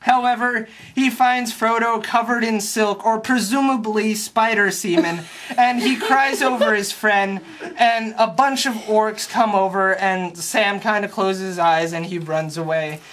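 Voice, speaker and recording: A young adult tears through a film's plot with crude, sarcastic commentary, stumbling over restarts and swearing freely. The voice sits at a middling pitch. A faint hiss and the odd click sit under the recording. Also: steady tone, a bit bright. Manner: profane, sarcastic, rambling with quick restarts. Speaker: comedic movie recapper. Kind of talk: crude comedic plot recap. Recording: faint background noise and clicks.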